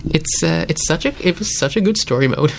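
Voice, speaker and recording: A man's voice: on the high side, lively intonation, brisk, gravelly, faint music behind. A young man in casual chat among friends, rambling with fillers and acting out quoted reactions.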